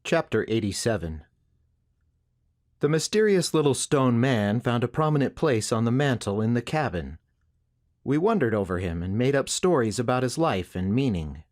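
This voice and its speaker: A man narrating a first-person western novel as an audiobook, in a steady, measured storytelling manner. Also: medium pitch.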